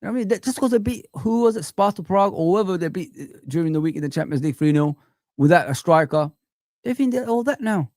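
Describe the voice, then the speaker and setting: A man hosting a live chat stream, ranting in an animated, exasperated way with repeated phrases. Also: high voice, fast talker, no room sound, studio quality.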